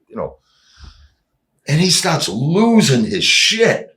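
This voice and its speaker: A man, a drummer guest, telling stories in casual chat, animated, acting out what people said and swearing freely. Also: on the high side, unhurried, pauses often, reverberant. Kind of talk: casual storytelling.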